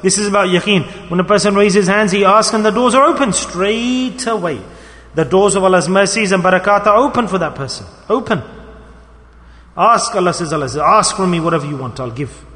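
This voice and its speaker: A man's voice: high voice, fairly quick, a bit bright. A man delivering a sermon, telling a story with emphatic, rising and falling delivery. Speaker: preacher. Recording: long hall reverb.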